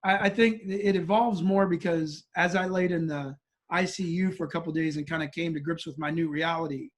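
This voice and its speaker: A man's voice: fairly high pitch, fairly even intonation, fairly quick. A man telling a vivid story as an interview guest, acting out the voices of people in it.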